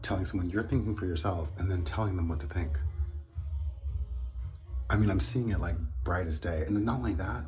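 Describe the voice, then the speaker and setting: A man's voice: low-pitched, brisk, long pauses, darkish tone, faint music behind. A man telling a personal story in a casual monologue, earnest and indignant with wry laughs. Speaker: vlogger.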